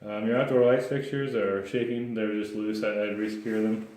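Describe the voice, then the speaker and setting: A man walks a client through his home inspection findings. His voice sits low and stays flat, and he talks in a practical way, often restarting his sentences. The recording has the roomy echo of a bare space. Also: moderate pace. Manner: plain, practical, with frequent restarts. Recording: echoey room.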